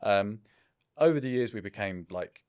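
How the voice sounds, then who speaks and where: A man's voice: lowish voice, animated, normal speed, a little mellow, smooth, no room sound, studio quality. A man in his thirties, a business founder, talking in a casual interview in a reflective, self-deprecating way.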